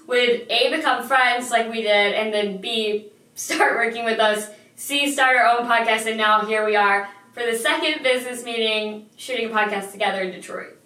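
Giggly, bright woman co-host. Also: a little high, normal speed. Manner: giggly, teasing. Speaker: podcast co-host. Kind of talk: casual chat. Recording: echoey room, mic at a distance.

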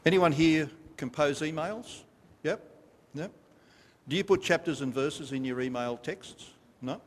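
A man's voice: on the high side, a little slow. A man preaching a sermon to a congregation, emphatic and repetitive, stopping to ask them questions. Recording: long reverb of a large hall.

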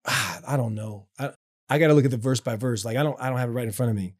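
A man's voice: mid-range voice, fast talker, dry recording, studio quality. A man talking earnestly about his faith in a casual conversation, rambling with many restarts and fillers. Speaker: guest speaking about faith.

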